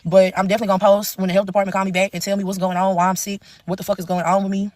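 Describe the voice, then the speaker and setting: Rapid-fire profane woman ranting. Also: mid-range voice, little pitch movement, darkish tone, no echo. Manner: blunt, profane, rapid run-on storytelling. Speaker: TikTok storyteller. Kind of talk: casual storytime rant.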